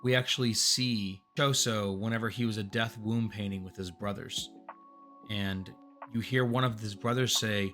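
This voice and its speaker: Earnest man recapping a story, bright voice. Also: on the low side, moderate pace, faint music behind. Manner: earnest, rambling, gets excited and louder at big moments. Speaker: manga recap host. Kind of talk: casual story recap commentary.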